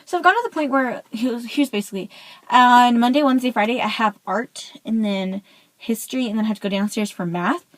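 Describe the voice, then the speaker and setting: A teenage girl vlogger rants casually about a school story, chatty and animated, peppering every phrase with "like." Her voice is fairly high and fairly quick, and the audio is poor.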